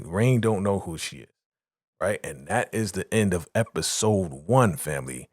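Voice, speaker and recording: Man, casual show recap host, lowish voice, animated retelling, dry close sound. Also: measured pace, creaky, dry recording. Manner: animated retelling, acting out characters' lines.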